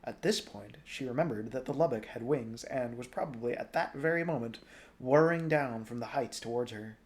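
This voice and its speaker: A young adult man reading a novel aloud in a relaxed, informal way. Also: mid-range voice, normal speed. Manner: relaxed, informal, jokes at stumbles. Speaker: storybook reader.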